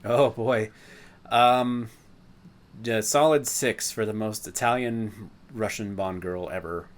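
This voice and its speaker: A man's voice: lowish voice, slow. A man co-hosting a podcast, reviewing a film in casual chat with a rambling, self-interrupting, nerdy way of talking. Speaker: podcast co-host.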